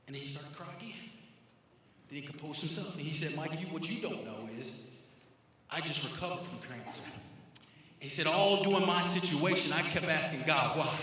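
A man preaching a sermon as a pastor, moving between quiet storytelling and shouted calls to the congregation. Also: a little high, normal speed. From Florida, USA. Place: church sanctuary. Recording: echoey hall with long reverb.

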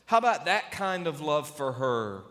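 A man preaching a sermon to a church congregation, emphatic, with dramatic pauses and sudden swings between loud and soft. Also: on the high side, sing-song. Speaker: pastor. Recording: long reverb of a large hall.

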